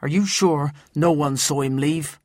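A man voicing Little John, a blunt male outlaw, in a loud, forceful way in a storybook reading. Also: a little high, a little slow, dry recording, clean studio sound, voice pushed up. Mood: insistent.

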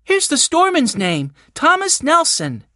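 A woman's voice: moderate pace, dry recording, clean studio sound. Benny, a woman doing an eager little boy. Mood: excited. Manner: high, excited and chirpy. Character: young boy, eager and always hungry.

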